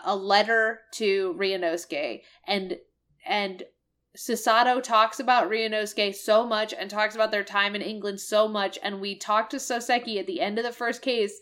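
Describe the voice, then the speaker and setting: A woman co-hosting a casual podcast, ranting about a video game, swearing freely and mimicking characters in quick bursts. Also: mid-range voice, a bit bright. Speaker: podcast co-host. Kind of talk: casual game-review chat.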